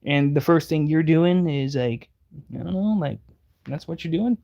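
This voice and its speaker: A man's voice: fairly high pitch, lively intonation, normal speed, gravelly. A man giving casual reaction commentary, rambling and heated, stumbling over restarts. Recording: dull lo-fi audio.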